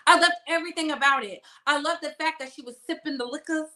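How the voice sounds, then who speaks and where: A woman's voice: high voice, brisk, hardly any pauses, sharp tone. A young woman hosting a celebrity gossip channel, giving sassy, emphatic commentary and drawing out words for effect.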